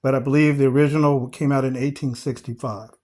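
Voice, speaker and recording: A man teaching a Bible study, reading scripture slowly and deliberately and putting rhetorical questions to his listeners, whom he calls family. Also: medium pitch, fairly even intonation, darkish tone.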